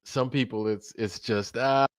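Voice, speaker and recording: A man hosting a livestream in a loose, profane, easygoing way, talking straight to his chat. His voice sits at an ordinary middle pitch. It is recorded close and dry, with no room sound around it. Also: steady tone, unhurried, no room sound. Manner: profane, laid-back, drifts into mocking impressions. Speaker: livestream host.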